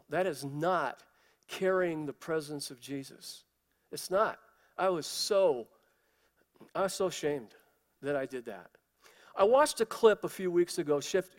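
A man's voice: on the high side, big-room sound. A man giving a conversational sermon, telling personal stories with fillers and asides.

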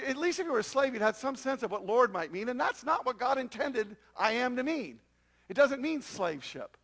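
A man's voice: extremely high pitch, fairly bright tone. A man preaching a sermon to a congregation, often asking them rhetorical questions. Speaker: pastor.

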